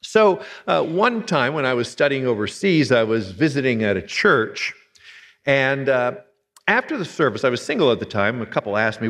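A man's voice: mid-range voice, big pitch swings, normal speed, fairly bright tone, long reverb tail. A man in his sixties from Pennsylvania, a retired pastor preaching a sermon with folksy, humorous storytelling. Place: church sanctuary.

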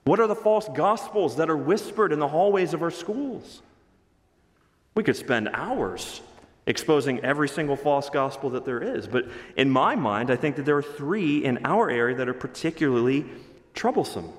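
A man's voice: expressive, normal speed. Emphatic male pastor preaching in a hall. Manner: emphatic, varies pitch and pace for emphasis. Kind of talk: sermon. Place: church sanctuary. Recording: reverberant hall.

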